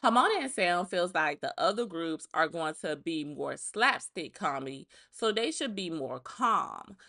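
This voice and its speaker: A woman's voice: fairly low pitch, very animated, unhurried, vocal fry, bright, forceful tone. A woman giving a casual recap of a reality show, talking in a blunt, chatty way, full of profane asides.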